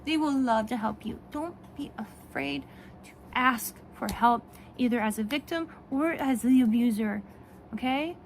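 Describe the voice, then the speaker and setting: A woman talking casually in a vlog, animated and rambling, with frequent restarts and laughs. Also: a little high, a little slow, slight background noise. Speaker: vlogger and children's book author. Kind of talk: casual talk to camera.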